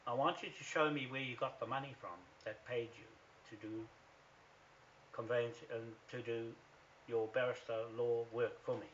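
A man's voice: mid-range voice, fairly even intonation, moderate pace, a bit bright, slight background noise. Defiant ranting New Zealand man. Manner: defiant, accusatory, swearing. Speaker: activist vlogger. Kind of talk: angry direct-to-camera rant. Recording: dull lo-fi recording.

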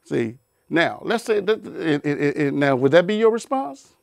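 A man with a somewhat high voice, recorded close and dry with no room sound. He preaches in a loose, conversational way, repeats himself, restarts often, and asks his listeners pointed rhetorical questions. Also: very animated, moderate pace, creaky, a little mellow, dry recording. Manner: repetitive, emphatic, with rhetorical questions and many restarts. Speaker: Bible teacher. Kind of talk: informal preaching talk.

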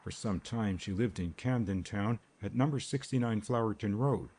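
A man's voice: on the low side, normal speed, darkish tone, husky. A man voicing a self-assured young man who answers in short, dry replies. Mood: curt.

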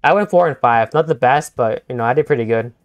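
A young man streaming a game live, talking to his teammates and chat in an excitable, stammering way that repeats itself. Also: medium pitch, fast, no room sound, faint music behind. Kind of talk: live gameplay commentary.

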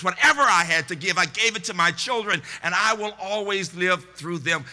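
A man's voice: sits high, expressive, a little fast, few pauses, sharp tone, big-room sound. An older man giving a commencement address, emphatic and preacher-like, repeating lines for the crowd under a large tent. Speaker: commencement speaker. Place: large tent at an outdoor ceremony.

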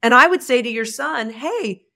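Expressive woman guest, high voice. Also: moderate pace. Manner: expressive, acts out dialogue with shifting pitch. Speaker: guest, communication expert. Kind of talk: animated podcast conversation.

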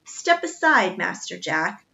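A woman's voice: on the low side, big pitch swings, takes it slowly, creaky, bright, forceful tone, highs cut off, heavily acted. A woman voicing a dry, unflappable butler. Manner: polite, dry and composed. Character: formal, unflappable man butler.

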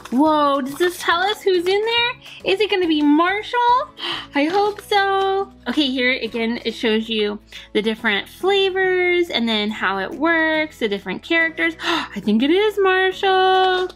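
A woman's voice: extremely high pitch, expressive, slow, a bit bright. A woman narrating a toy unboxing for children, gushing and gasping sweetly at each surprise.

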